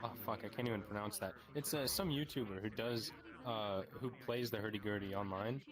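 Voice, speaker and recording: Un uomo che racconta con entusiasmo in una chat di gruppo. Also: male voice, on the low side, a little fast, over music, low-quality recording. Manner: enthusiastic, chatty. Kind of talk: casual chat in a VR social game. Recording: crowd chatter behind.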